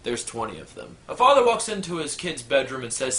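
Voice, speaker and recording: A man rattling off dirty jokes in an animated delivery, jumping in and out of character voices. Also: medium pitch, brisk. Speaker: joke teller. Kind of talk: rapid-fire dirty joke telling.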